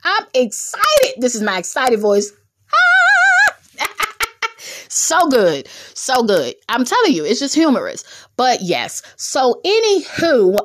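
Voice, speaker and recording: A woman hosting her own podcast, exhorting listeners in a bubbly, humorous, preachy way with sudden jumps in pitch. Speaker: podcast host. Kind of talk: preachy motivational podcast talk.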